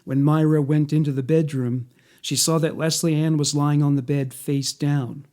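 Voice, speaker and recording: A man reading a scripted documentary narration in a measured, matter-of-fact way. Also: fairly high pitch, steady tone, dark tone.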